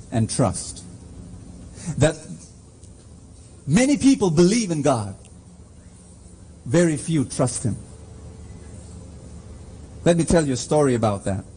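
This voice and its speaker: A man preaching a sermon in a church, slow and emphatic, calling to the congregation for responses. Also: a little high, warm tone, a little hiss or hum.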